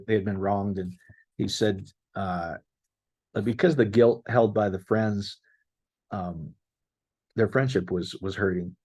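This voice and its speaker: A man's voice: on the low side, darkish tone. A middle-aged male pastor giving a conversational sermon, reading out testimonies and talking straight to his listeners. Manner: conversational, reads out testimonies, addresses listeners as guys.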